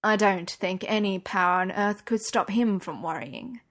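A woman's voice: mid-range voice, lightly acted. Woman reading as a cool, formal official. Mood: measured. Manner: measured, formal, unhurried. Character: cool, guarded middle-aged man, an official. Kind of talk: audiobook character reading.

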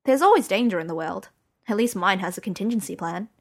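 A woman's voice: medium pitch, lively intonation, quick pace. A woman narrating a story in the first person, conversational and wry. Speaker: audiobook narrator.

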